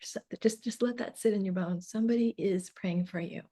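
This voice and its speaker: A woman business mentor talks straight to her viewers in a loose, chatty way, peppering her speech with asides and quick questions. Her voice sits at an ordinary middle pitch and sounds slightly worn from a long session of talking. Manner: animated, chatty, lots of "like" and "right?". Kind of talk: casual talk to camera.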